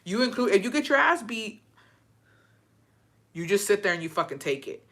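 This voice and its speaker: Bright-voiced woman ranting, outraged. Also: mid-range voice, big pitch swings. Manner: profane, outraged, fast-shifting rant. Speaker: commentator reacting to a story. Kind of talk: heated reaction commentary.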